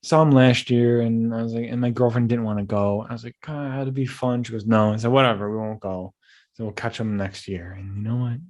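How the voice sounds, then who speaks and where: A young man hosting a podcast, rambling through animated stories full of restarts. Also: medium pitch, fairly quick. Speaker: podcast host. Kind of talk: casual chat.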